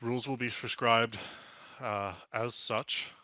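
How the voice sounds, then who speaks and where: A man's voice: medium pitch, fairly even intonation, takes it slowly, pushed and bright, no echo. A man voicing a male pit-fight recruiter who invites fighters in a formal, matter-of-fact way, for a tabletop game. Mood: businesslike.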